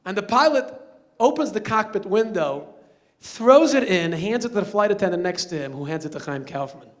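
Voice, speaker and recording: A man speaking as a rabbi storyteller at a banquet, animated and acting out the characters in his story. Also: high voice, fairly quick. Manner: animated, acting out quoted voices. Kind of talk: storytelling speech. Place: banquet hall.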